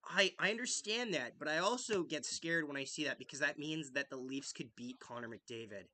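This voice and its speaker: Excitable young man with a bright, high voice. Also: normal speed. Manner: chatty and excitable, jokes with a friend. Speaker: podcast host. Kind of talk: casual live game-watch chat.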